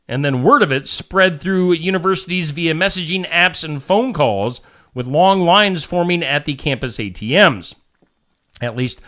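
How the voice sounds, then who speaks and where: A man's voice: fairly high pitch, pushed and bright. A man hosting a casual show, reading odd news stories and joking with his co-host. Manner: jokey, puts on silly voices while reading.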